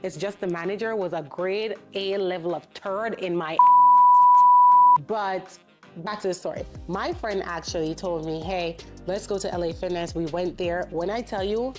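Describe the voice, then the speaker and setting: A woman's voice: on the low side, moderate pace, soft background music. A woman vlogger telling a story in a casual, indignant way, acting out the people in it. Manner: animated, indignant retelling with quoted voices.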